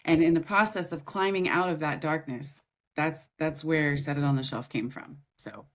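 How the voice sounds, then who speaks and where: On a podcast, a woman author and grief coach shares her story with open feeling and lots of animation, laughing frequently mid-sentence. Her voice is deep and her pace moderate.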